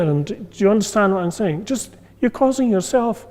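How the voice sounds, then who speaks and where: A meditation teacher leads an informal class in a relaxed, chatty way, using many fillers, acting out inner voices, and often asking if listeners follow. His mellow voice sits a little high for a man, and he talks at normal speed. Long reverb trails his words as though he's in a hall.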